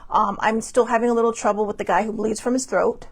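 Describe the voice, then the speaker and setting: A woman's voice: fairly high pitch, fairly even intonation, fast talker, breathy edge. A woman hosting a podcast, chatting casually and rambling through stories with lots of asides. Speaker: podcast host. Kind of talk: casual storytelling monologue.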